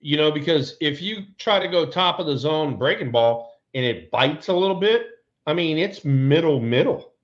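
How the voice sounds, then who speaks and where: Guy on a baseball podcast, slightly high voice, lively storyteller, kinda dull lo-fi sound. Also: normal speed. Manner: animated storyteller, laughs often. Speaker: co-host, former ballplayer. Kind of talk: casual baseball chat.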